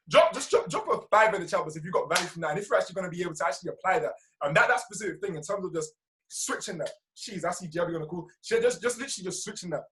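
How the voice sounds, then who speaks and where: A man leading a motivational team call over video, energetic and slangy, often asking "right?". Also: high voice, rough recording. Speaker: team trainer.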